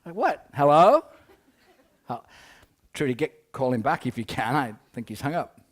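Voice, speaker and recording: A man's voice: medium pitch, big pitch swings, moderate pace. Male speaker, mid-range voice, humorous storytelling talk, wry asides, rambling delivery. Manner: rambling, often restarts with "anyway". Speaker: keynote speaker.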